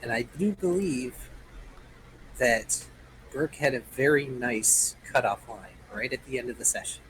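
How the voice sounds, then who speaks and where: A man's voice: medium pitch, unhurried, fairly bright tone, a little hiss or hum, rough recording. A man running a tabletop role-playing game, narrating the story dramatically and joking with his players. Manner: storytelling, playful asides. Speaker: game master.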